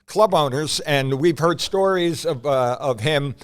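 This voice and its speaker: Halting man recalling old stories. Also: fairly high pitch, smooth. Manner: halting, rambling recollection. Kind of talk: casual podcast chat.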